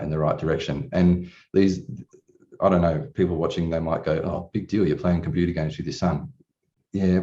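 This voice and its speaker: Bloke in his 40s, candid client story, deep dark voice, muffled distant recording. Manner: candid, rambling, swears casually. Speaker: coaching client. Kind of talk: personal story at a retreat. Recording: distant, dull room recording.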